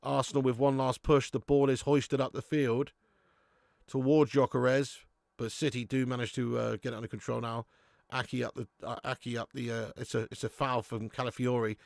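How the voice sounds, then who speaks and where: A man's voice: medium pitch, little pitch movement, normal speed, creaky, a little mellow, no room sound, clean studio sound. An English man hosting a live football watch-along, chatting casually with viewers and reading out their comments. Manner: laughs often, calls people mate.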